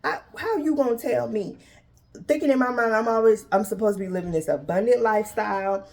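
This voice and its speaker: A woman in her thirties hosts a faith-based podcast, speaking briskly in a slightly high voice with a darkish tone. She casually calls her listeners y'all and acts out dialogue with God and others.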